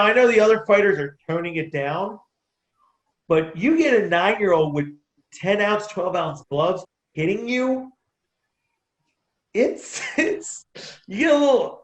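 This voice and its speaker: A man who boxes and coaches kids, telling stories in a casual interview, laughing and restarting his sentences. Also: high voice. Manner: animated, laughs between anecdotes, restarts sentences. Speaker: amateur boxer and youth boxing coach. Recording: roomy echo.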